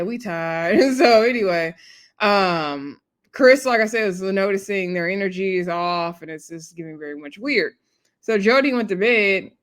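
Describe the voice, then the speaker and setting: Lady chatting through a reality show recap, easygoing, laughs a lot, fillers everywhere, medium pitch. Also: a bit bright. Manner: laid-back, laughing asides, frequent fillers. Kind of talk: casual chatty episode recap.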